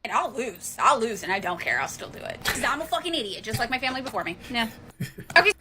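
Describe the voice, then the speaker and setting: A woman's voice: fairly high pitch, very animated, fast, noisy background. A woman from Central California with a Valley Girl accent, giving a profane, sarcastic and self-mocking comedic history explainer. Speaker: history commentator.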